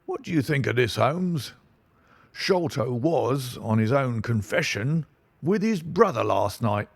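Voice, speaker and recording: Guy doing a husky wheezing blowhard police inspector, higher voice, slow and brash, audiobook. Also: animated, dry recording. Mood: blustering. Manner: pompous, brash and self-satisfied. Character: stout, blustering middle-aged male police inspector. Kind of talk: audiobook reading.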